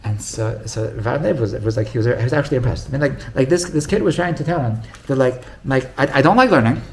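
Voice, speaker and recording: A man's voice: medium pitch, a little fast, a little mellow, a little hiss or hum. A man, a rabbi, telling a story in a casual, rambling way with many restarts. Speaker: rabbi teaching.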